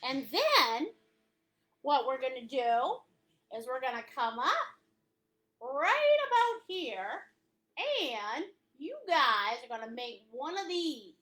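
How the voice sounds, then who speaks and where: A woman's voice: high-pitched, very animated, slow, bright, forceful tone. A woman teaching a live painting class in a playful, silly way, laughing often as she guides the steps. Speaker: art instructor.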